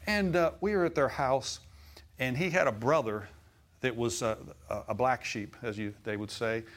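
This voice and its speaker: Middle-aged male preacher, anecdotal sermon delivery, bursts of emphasis, mid-pitched voice. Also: moderate pace, a bit bright. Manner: storytelling, rising to emphatic exclamations.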